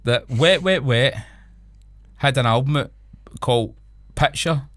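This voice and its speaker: A man's voice: mid-range voice, a little slow, a bit bright, no room sound, studio quality. A middle-aged Scottish man co-hosting a podcast, telling stories in a chatty, laughing way. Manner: chatty storyteller, laughs often. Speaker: podcast co-host. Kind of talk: casual chat.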